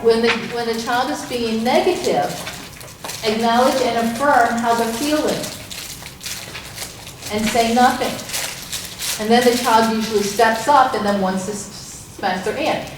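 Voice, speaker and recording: A woman's voice: a little high, a little slow, long pauses, background noise. A woman leading a parent information night, talking earnestly and rambling with restarts. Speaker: program leader. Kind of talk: presentation to parents. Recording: echoey room from far off.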